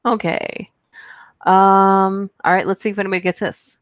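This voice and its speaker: Reading movie quotes aloud during a casual live chat, this livestream host jokes playfully with her viewers and laughs a lot. She has a mid-range voice and a level tone, speaks at normal speed, and the recording has no room sound.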